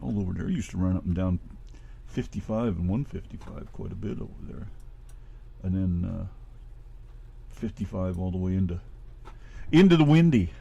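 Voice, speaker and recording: A man's voice: low voice, animated, normal speed, gravelly, pauses often, mellow, breathy edge, muffled recording. A middle-aged man from Ohio with a Midwestern American accent, co-hosting a radio show in rambling, casually profane chat.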